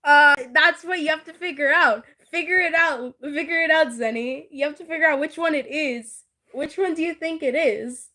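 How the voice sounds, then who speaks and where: High-voiced, giggly, teasing woman. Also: normal speed, pushed and bright. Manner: giggly, teasing, laughs often; swears casually. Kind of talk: casual chat.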